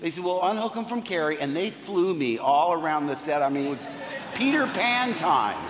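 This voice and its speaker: A man tells playful, enthusiastic stories from a convention stage. His voice sits a little high for a man. It rings through a large, echoing hall with a long reverb tail. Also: sing-song, noisy background. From United States. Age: 60s. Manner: playful, enthusiastic, quick asides and self-deprecating jokes. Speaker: convention panel guest. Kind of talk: animated anecdotal storytelling.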